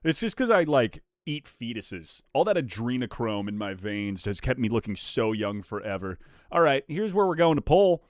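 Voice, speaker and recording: Excitable streamer man with lively pitch. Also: moderate pace, no room sound, studio quality. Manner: excitable, swings from mumbling asides to loud hype yells. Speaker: streamer opening trading card packs. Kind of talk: casual livestream chat.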